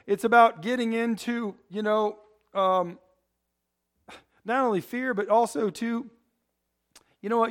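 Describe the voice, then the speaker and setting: A man's voice: very high voice, steady tone, a little slow, long pauses. A man preaching a sermon, rambling with humorous asides and asking the congregation to fill in the words. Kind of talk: sermon with call-and-response.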